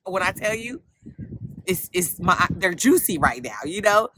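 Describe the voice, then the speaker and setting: A woman vlogging in an excited, gushing, emotional way, close to tears, with a casual y'all. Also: lowish voice, measured pace. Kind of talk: excited casual vlog chat. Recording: loud background noise.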